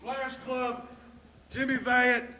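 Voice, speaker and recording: A man cutting a slow, ominous, deliberate wrestling promo. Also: extremely high pitch, monotone, heavy background noise. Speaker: pro wrestler. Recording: reverberant room.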